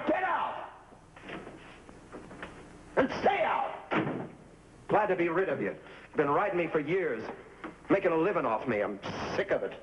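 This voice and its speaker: An actor playing an anxious, irritable male cartoonist who complains about his health and flares into shouting in a 1950s TV drama. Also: fairly high pitch, lightly acted. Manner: complaining, quick to anger, shouting at times. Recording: dull old TV soundtrack with faint hiss.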